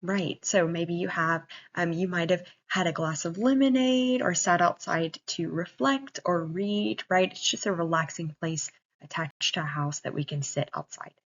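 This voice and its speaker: A woman teacher giving a gentle, encouraging online reading lesson to young children over a computer mic. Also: lowish voice, normal speed, hardly any pauses. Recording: muffled lo-fi recording.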